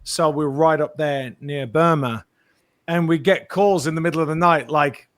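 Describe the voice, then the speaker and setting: A man, an actor guest, telling lively anecdotes in an interview and acting out the quotes. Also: on the high side, normal speed, no room sound, studio quality. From Britain. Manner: animated storyteller, acts out quotes.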